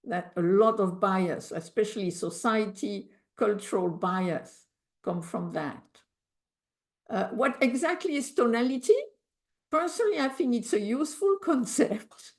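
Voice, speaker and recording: Slow, reflective woman with French accent. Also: medium pitch, lively intonation, a little mellow. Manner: reflective, thinking aloud, slips in English grammar. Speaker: meditation teacher. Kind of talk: teaching in an online group session.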